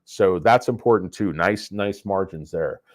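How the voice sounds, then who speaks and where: Low-voiced man, rambling livestream host. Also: unhurried, dry recording. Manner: rambling, jokey, chatting with viewers. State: stuffy from a head cold. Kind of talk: casual livestream commentary. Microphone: cheap lapel microphone.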